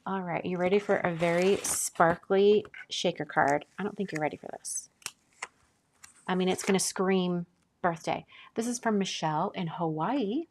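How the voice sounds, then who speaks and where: A chatty woman with a lilt hosts a live stream in a fairly low voice. She gushes over what she is showing and keeps slipping into soft, breathy whispers between bright exclamations. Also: moderate pace, slight background noise. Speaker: card-making channel host. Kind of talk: casual live-stream chat.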